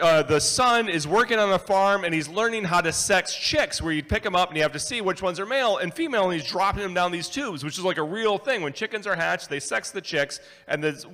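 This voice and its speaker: A man telling a comic story on stage, animated and self-mocking, acting out the dialogue. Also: high-pitched, fairly quick, hardly any pauses. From rural New York. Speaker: conference speaker. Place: large hotel ballroom. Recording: live hall with long reverb.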